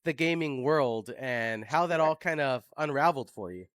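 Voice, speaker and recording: A man's voice: mid-range voice, moderate pace, fairly bright tone, no echo, studio quality. A man hosting a podcast, chatting casually and upbeat, telling stories with filler words. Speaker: podcast host. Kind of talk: casual interview chat.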